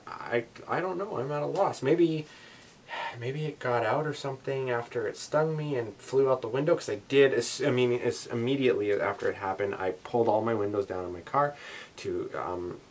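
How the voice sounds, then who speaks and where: A young man from Canada ranting casually in a daily vlog, animated and swearing, wet from the shower. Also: mid-range voice, normal speed. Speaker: vlogger.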